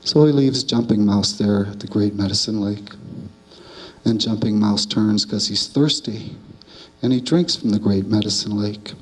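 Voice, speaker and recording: Low-voiced male storyteller, calm and measured. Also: poor audio. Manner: calm, measured, repetitive cadence. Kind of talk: oral storytelling of a traditional tale.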